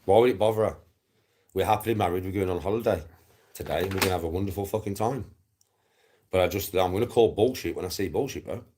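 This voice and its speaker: A man's voice: deep voice, fast, darkish tone, a little hiss or hum. A middle-aged man with a Black Country accent ranting on a livestream, sweary, scornful and repetitive. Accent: Black Country English. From England. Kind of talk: angry livestream rant.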